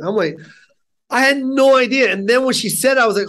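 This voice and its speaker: A man's voice: very high voice, fairly quick. A middle-aged man, a stand-up comedian, telling stories in a casual interview and acting out the people he quotes. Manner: animated, acts out quotes in character voices.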